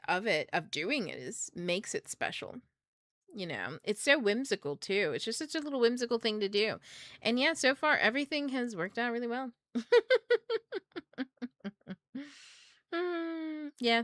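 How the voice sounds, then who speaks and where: A woman's voice: medium pitch, a bit bright, no echo. A young adult woman hosting a book club stream, telling a story in a chatty way with many fillers and frequent laughs. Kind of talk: casual storytelling livestream.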